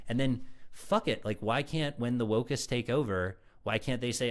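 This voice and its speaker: A man's voice: medium pitch, moderate pace, noisy background. Man ranting with crude scorn. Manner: angry, profane, mocking. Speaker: streamer reacting to clips. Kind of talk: live stream rant.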